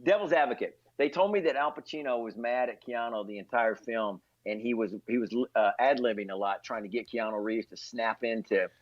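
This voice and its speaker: A man, a stand-up comedian, chatting casually and telling lively stories full of impressions. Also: medium pitch, a little fast, few pauses, dull audio. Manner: animated storyteller who breaks into impressions. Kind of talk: casual chat with anecdotes.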